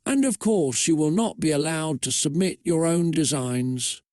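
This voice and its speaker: A man playing a gushing fashion-contest host who announces everything in a showy, over-the-top way. His voice sits a little higher than usual for a man and is recorded dry and close. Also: lively intonation, unhurried, darkish tone, no echo. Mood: explaining.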